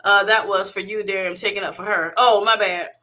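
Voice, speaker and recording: Bright-voiced woman hosting a laughing live chat. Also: medium pitch, fairly quick. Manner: animated, laughing often, reading chat comments aloud. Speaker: livestream host. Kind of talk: casual livestream chat. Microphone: webcam or streaming setup.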